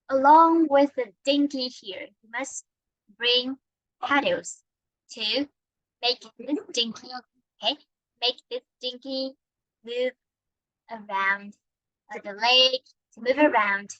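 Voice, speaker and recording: A woman's voice: fairly high pitch, a bit bright, no room sound, lo-fi sound. A woman with a Vietnamese accent teaching an online English lesson, patiently checking that her student follows. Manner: patient, checks understanding often. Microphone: computer mic on video call.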